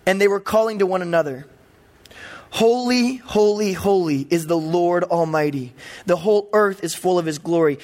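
A man who is a pastor, preaching a teaching sermon and explaining scripture with playful asides. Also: sits high.

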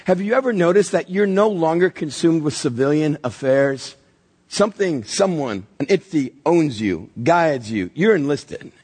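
Husky-voiced pastor preaching animatedly. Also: male voice, a little high, moderate pace. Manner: animated storytelling with acted-out voices. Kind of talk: sermon.

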